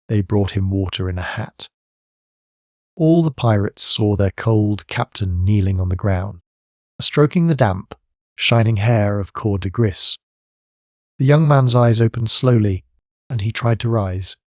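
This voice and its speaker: A man narrating a classic novel as an audiobook, reading in a measured, even way. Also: on the low side, no room sound, clean studio sound. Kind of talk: scripted narration.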